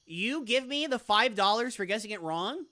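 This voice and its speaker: A woman's voice: a little high, lively intonation, moderate pace, pushed and bright. A woman streamer giving playful, bubbly live commentary while playing a game.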